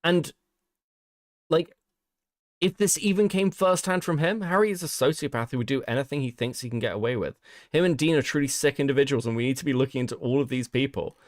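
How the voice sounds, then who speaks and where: A man's voice: mid-range voice, steady tone, fairly quick, no echo, studio quality. A man hosting a livestream, talking casually in a profane, exasperated rant. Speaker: stream host.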